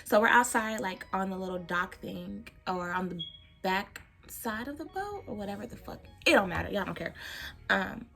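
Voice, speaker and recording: A woman's voice: mid-range voice, gravelly, faint music behind. A young woman vlogger chatting casually while doing her makeup, telling a story with lots of laughter and cursing. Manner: animated, laughing, profane, drawn-out storytelling. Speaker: beauty vlogger.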